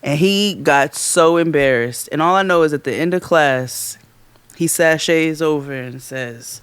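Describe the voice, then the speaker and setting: A man co-hosting a podcast, telling a story in casual chat, animated and profane, acting out what people said in a raised voice. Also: fairly high pitch, unhurried, pauses often, clean tone, no room sound. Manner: animated, profane, acts out quotes loudly. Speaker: podcast co-host.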